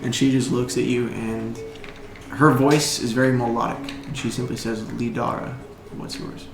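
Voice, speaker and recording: A man's voice: medium pitch, flat delivery, normal speed, reverberant, music in the background. A man narrating as game master in a tabletop game, casual and slangy, laughing often.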